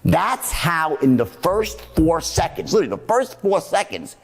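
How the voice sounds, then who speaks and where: A man's voice: fairly high pitch, very animated, normal speed, gravelly, breathy edge, big-room sound, faint music behind. A man giving a sales seminar, blunt and profane, acting out the tones of voice he teaches. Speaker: sales trainer.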